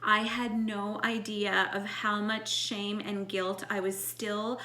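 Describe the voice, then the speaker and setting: Bright-voiced woman in her forties, echoey. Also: mid-range voice, takes it slowly. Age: 40s. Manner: earnest, animated, many "like" fillers. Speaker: spiritual vlogger. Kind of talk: casual storytelling.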